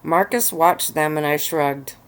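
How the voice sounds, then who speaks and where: A woman relaxing on a bed of pillows, reading her own story aloud in a relaxed ASMR-style narration. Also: low-pitched, a little slow, clear, resonant tone.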